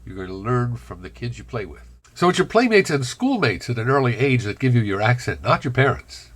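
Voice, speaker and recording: A man from the Bronx with a carefully trained American accent, talking in a wry, reflective vlog monologue with dramatic pauses. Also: mid-range voice, big pitch swings, husky. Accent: General American, trained over a Bronx childhood accent. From Bronx, New York. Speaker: vlogger.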